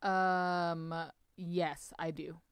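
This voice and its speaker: Rambling woman podcast co-host, low voice. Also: little pitch movement, very slow, background noise. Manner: rambling, filler-heavy, self-deprecating. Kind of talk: casual chat.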